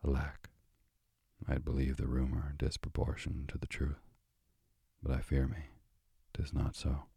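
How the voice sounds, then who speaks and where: A man's voice: extremely low pitch, completely flat delivery, measured pace, gravelly, mellow, slightly rough, dry recording, studio quality, heavily acted. A man voicing a stern but tender old king who speaks in archaic, pleading phrases. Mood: disappointed.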